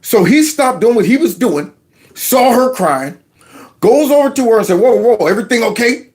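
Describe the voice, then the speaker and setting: A man's voice: very high voice, sing-song, normal speed, darkish tone. A man hosting a casual political commentary show, talking with sarcastic, mocking asides. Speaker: commentary channel host.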